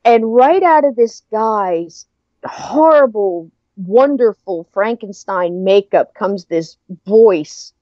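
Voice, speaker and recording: Middle-aged woman, lively storyteller, laughing often, dry close sound, slightly muffled lo-fi audio. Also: mid-range voice, slow, no echo. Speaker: podcast guest. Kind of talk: casual storytelling chat.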